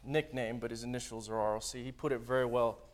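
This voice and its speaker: A man preaching a sermon, swinging between loud dramatic readings and quiet joking asides to the congregation. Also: medium pitch, fairly even intonation, quick pace.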